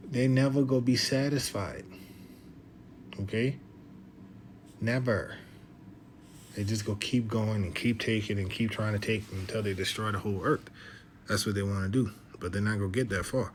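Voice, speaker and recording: A man's voice: lowish voice, steady tone, moderate pace, long pauses, slight background noise. A man giving a scripture lesson, reading verses aloud and often checking in with "okay?" and "all right?". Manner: reads verses aloud in older biblical wording. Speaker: religious teacher. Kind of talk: scripture teaching.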